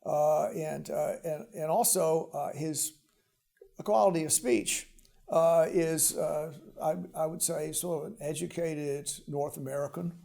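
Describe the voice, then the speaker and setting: An older man hosting an interview, speaking haltingly with many fillers and restarts. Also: a little high, steady tone, gravelly, warm tone. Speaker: host. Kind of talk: casual interview chat.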